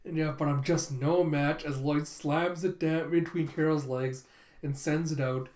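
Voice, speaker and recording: A man hosting an anime reaction video, recapping scenes excitedly and reading every character's lines himself. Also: fairly high pitch, unhurried. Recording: roomy echo.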